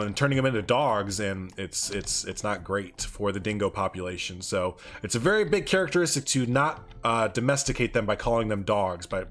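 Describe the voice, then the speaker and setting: A man's voice: lowish voice, a bit bright. A man casually streaming a zoo-building game, chatting loosely and answering viewer chat as he goes. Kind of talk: casual live-stream commentary.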